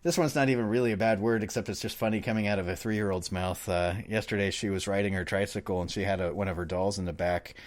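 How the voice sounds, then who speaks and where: A man's voice: lowish voice, fairly even intonation, fast, hardly any pauses. A man in his thirties co-hosting a casual podcast, rambling and self-deprecating, laughing often. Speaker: podcast co-host. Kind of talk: casual chat.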